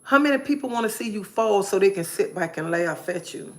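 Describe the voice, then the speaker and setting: Gravelly-voiced woman telling an emphatic testimony. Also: mid-range voice, animated, a little fast. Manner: emphatic, repeats phrases, preacherly. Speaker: live streamer. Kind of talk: personal testimony monologue.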